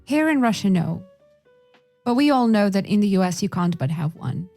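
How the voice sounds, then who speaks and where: A woman co-hosting a podcast, adding wry, quick remarks in casual chat. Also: medium pitch, very animated, vocal fry, mellow, faint music behind. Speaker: podcast co-host.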